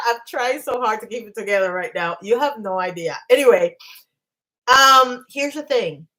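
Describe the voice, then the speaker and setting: Lady hosting a casual livestream, chatty and emphatic, kinda high voice, talking back to her chat. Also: lively intonation, normal speed, pushed and bright. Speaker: livestream host.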